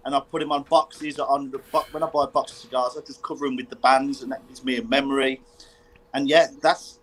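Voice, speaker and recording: A man, a guest cigar reviewer, explaining his view in a relaxed way with repeated words. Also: mid-range voice, low-quality recording. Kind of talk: casual podcast chat.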